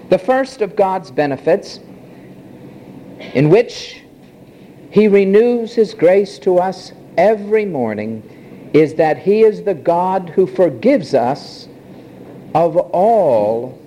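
Slow, emphatic male preacher. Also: warm tone, slight background noise, low-quality recording. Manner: slow, emphatic preaching with dramatic pauses and swelling pitch. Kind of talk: sermon.

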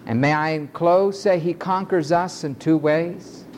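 A male preacher delivering an emphatic sermon in a measured cadence, stretching his phrases out. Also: a little high, darkish tone, a little hiss or hum.

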